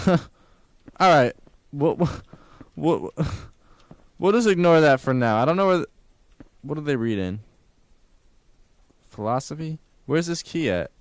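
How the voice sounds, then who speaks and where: A man's voice: on the high side, lively intonation, measured pace, long pauses, dry recording. A man streaming a game live, reacting casually with jokes, swearing, laughter and sudden cries of surprise. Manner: joking, swearing, laughing aloud, outbursts of surprise. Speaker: livestreamer.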